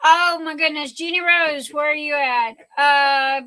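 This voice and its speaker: A woman's voice: high-pitched, steady tone, pushed and bright, poor audio. An older woman hosting a live stream, chatting casually and gushing emotionally. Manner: gushing, emotional, drawn-out speech.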